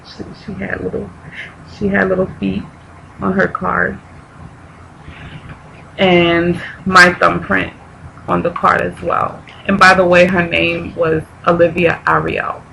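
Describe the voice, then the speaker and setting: Woman vlogging through grief, gravelly and kinda tense, keeps restarting, near tears. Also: fairly low pitch, level tone, sharp tone, a little hiss or hum, low-quality recording. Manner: halting, repeats herself, restarts often. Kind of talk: emotional personal vlog.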